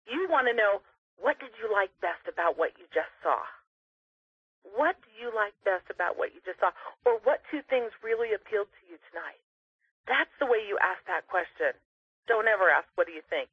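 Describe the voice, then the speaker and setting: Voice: mid-range voice, slightly rough, no echo. A sales trainer coaching people on a conference call, stressing and repeating key phrases. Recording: tinny phone line.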